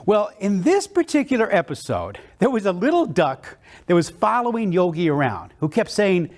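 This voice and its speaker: Keynote speaker from South Texas, male, high, lively voice, big enthusiastic storyteller. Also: moderate pace. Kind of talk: motivational storytelling speech.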